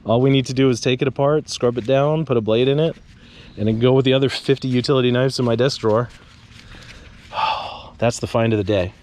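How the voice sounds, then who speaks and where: A man's voice: mid-range voice, fairly even intonation, fairly quick, pauses often, a little mellow. A man vlogging casually outdoors on a suburban street, chatting to viewers with joking asides. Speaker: trash-picking vlogger. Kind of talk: casual vlog talk to camera.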